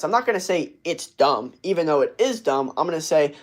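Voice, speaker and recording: Animated and a little fast, with hardly any pauses, a young livestream host's slightly high voice runs through live chat messages as he answers them. He rambles in a brash, profane way, with lots of fillers and restarts.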